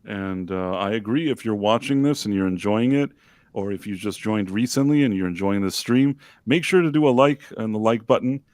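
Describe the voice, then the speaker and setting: A man's voice: fairly low pitch, normal speed, a little mellow, dry recording. Man, livestream co-host, casual storytelling, rambling, lots of ums and restarts, self-deprecating, dry close mic. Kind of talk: casual storytelling on a live stream.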